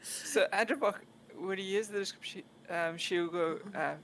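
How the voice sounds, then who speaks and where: A woman's voice: medium pitch, moderate pace, a little hiss or hum. A woman player in a tabletop game, describing her character's actions in a chatty way. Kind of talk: casual game talk.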